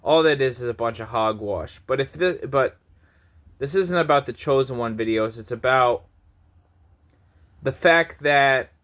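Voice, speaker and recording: A man's voice: medium pitch, unhurried, long pauses, a bit bright. A man in his thirties ranting to camera in a preachy, confrontational vlog monologue, swearing often. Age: 30s. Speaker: vlogger.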